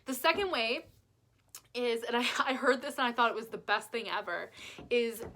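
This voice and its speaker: A woman life coach talks casually through self-help advice, upbeat and self-deprecating. Her voice is bright and sits a little high. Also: normal speed, a little hiss or hum.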